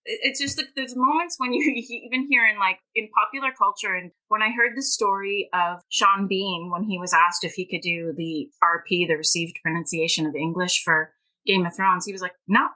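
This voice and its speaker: A woman's voice: mid-range voice, a little fast, bright, forceful tone, poor audio. A woman, a guest author and language teacher, talking emphatically and at length in a podcast interview. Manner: passionate, emphatic and talkative.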